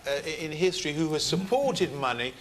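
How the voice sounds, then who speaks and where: A man arguing on a comedy panel, stumbling over his words in an excitable way. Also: a little high, a little fast, slight background noise. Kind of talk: comic panel debate.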